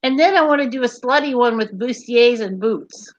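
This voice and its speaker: A woman's voice: a little high, lively intonation, moderate pace, muffled recording. A woman chatting casually with friends, joking and laughing often, slipping into silly put-on accents. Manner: giggly, joking, puts on silly mock accents. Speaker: show host. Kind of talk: casual chat among friends.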